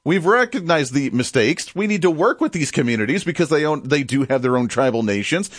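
A man's voice: on the high side, lively intonation, fairly quick, no room sound, studio quality. A man from the United States hosting a political talk show, delivering an opinionated, sarcastic monologue.

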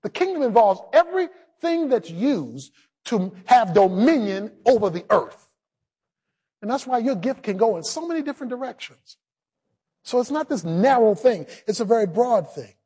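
High, husky preacher shouting in bursts. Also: male voice, very animated, normal speed. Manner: preaching with shouted emphasis and call-and-response. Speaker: pastor. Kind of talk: sermon.

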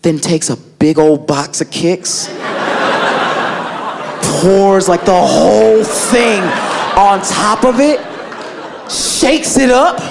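Stand-up comic, man, high and bouncy delivery, live club crowd audible. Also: takes it slowly, creaky, pauses often, background noise. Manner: animated storytelling, heavy filler words, acts out family voices. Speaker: stand-up comedian. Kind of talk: stand-up comedy set. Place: comedy club stage. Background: audience laughter.

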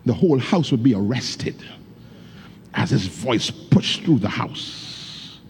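A pastor with a mid-range, creaky voice edged with breath preaches slowly but with lively intonation. His sermon is fervent and loosely grammatical, full of stories, call-outs to the congregation and bursts of speaking in tongues.

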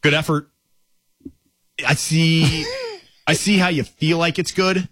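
A man's voice: on the high side, fairly even intonation, slow pace, a bit bright, dry recording. A man co-hosting a podcast with dry, teasing banter in casual chat. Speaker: podcast co-host.

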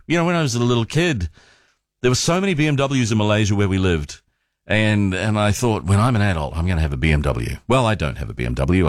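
Dry-voiced, low-pitched male radio host. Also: no room sound. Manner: chatty, stumbles and repeats words. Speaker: radio talk show host. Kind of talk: casual talk radio chat.

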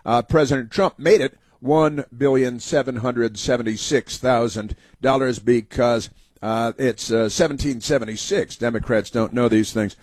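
A man's voice: medium pitch, steady tone, moderate pace, a little mellow, no room sound. A man hosting a political talk radio show, rambling through long monologues full of "uh" fillers and sarcastic asides. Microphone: studio microphone.

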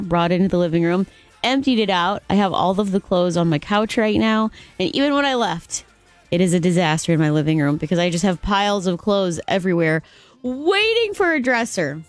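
A woman hosting a morning radio show, telling a story in an exasperated, animated way. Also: mid-range voice, dry recording.

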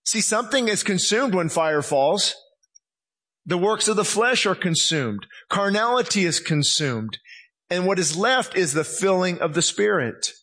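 High-voiced impassioned male preacher. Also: animated, a little slow, sharp tone. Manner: impassioned, acts out quoted voices. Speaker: pastor. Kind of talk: sermon.

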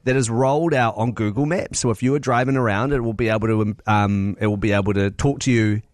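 A man's voice: on the low side, steady tone, a little fast, dry recording, clean studio sound. A man with a New Zealand accent co-hosting a casual afternoon radio show, chatty and upbeat. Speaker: radio host.

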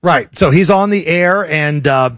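High-voiced sardonic radio host man. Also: a little slow, a bit bright, no room sound. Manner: sardonic, joking delivery. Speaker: radio talk show host. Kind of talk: casual radio banter.

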